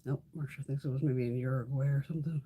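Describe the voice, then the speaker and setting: A woman's voice: rumbling low, steady tone, fast talker, warm tone, slight background noise. A middle-aged woman hosting a beauty livestream, chatting casually with viewers, swearing freely and laughing often.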